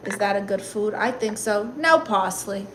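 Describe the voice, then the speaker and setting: A woman's voice: mid-range voice, moderate pace, fairly bright tone, slight background noise. A woman with a Brooklyn accent hosting a casual live stream as a comedic aunt, chatting sassily and answering the chat while she eats. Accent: New York, Brooklyn.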